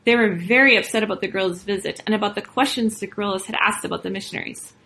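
A woman reading a children's story aloud as storyteller, expressive and lively. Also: mid-range voice, very fast, rough recording.

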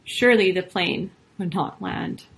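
Woman storyteller reading a children's story aloud, expressive delivery. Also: lowish voice, a little slow, vocal fry, rough recording.

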